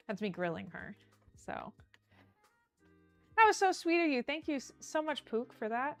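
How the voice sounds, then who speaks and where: A woman hosting a casual cooking livestream, bubbly and excitable as she talks to her chat from her kitchen. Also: high-pitched, unhurried, gravelly, long pauses, no echo, soft background music. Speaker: livestream host. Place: home kitchen.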